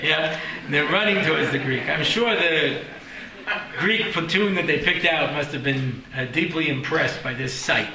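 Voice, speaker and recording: A man's voice: on the high side, normal speed, echoey room, crowd noise, low-quality recording. A man teaching a Torah class, telling stories with jokes and acted-out voices and often checking in with "yeah?".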